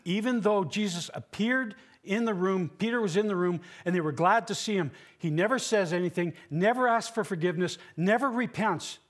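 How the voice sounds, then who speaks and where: A pastor delivers an earnest, emphatic sermon, posing rhetorical questions and dropping low and soft for solemn passages. He speaks at normal speed with hardly any pauses.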